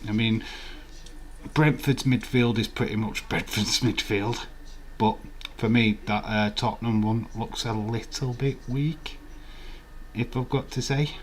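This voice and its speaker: A man hosts a live stream and chats with his viewers in a loose, rambling way. He talks slowly, with a middling pitch, and swears freely. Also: fairly even intonation. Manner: rambling, profane banter with the chat. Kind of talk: casual live watch-along chat.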